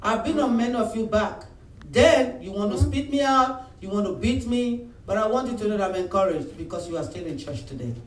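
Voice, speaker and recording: A pastor, preaching an animated sermon and acting out phone calls and voices of his church members. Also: high voice, fairly quick. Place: church hall. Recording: roomy echo, mic at a distance, faint room noise.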